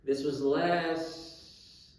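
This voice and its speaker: A young man co-hosting a podcast, telling stories in an animated, profane, casual way. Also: fairly high pitch, extremely slow. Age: young adult. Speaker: podcast co-host. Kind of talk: casual chat. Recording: roomy, distant mic.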